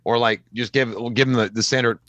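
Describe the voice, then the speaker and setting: A man's voice: mid-range voice, fairly even intonation, fairly quick, fairly bright tone, dry recording, lo-fi sound. Joking man on a podcast. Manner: jokey, riffs on imagined scenes, swears. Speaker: podcast co-host. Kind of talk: casual joking chat.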